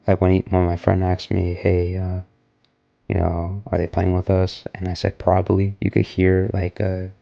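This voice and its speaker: Low, flat, gravelly young man. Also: muffled recording. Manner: loose and rambling, heavy on filler words. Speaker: vlogger recounting an experience. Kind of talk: casual spoken retelling.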